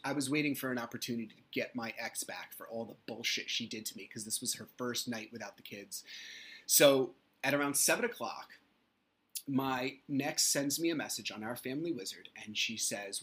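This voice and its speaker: A man's voice: mid-range voice, fairly bright tone. A man in his thirties hosting a solo podcast, telling a heated personal story, swearing and acting out what others said. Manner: heated storytelling, swears, acts out quoted people. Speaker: podcast host.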